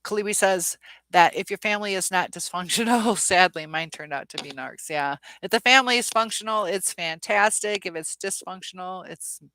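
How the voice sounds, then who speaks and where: A woman's voice: lowish voice, normal speed, bright, forceful tone, no room sound. Chatty woman host reading live chat. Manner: chatty, reads viewer comments aloud with filler ums.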